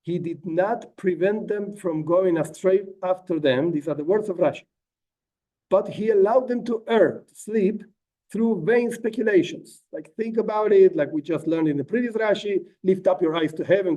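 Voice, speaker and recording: A rabbi teaching a text lesson informally, animated, acting out quotes and tossing in asides. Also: male voice, sits high, moderate pace, distant mic. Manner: animated, acts out quotes, frequent asides like "whatever".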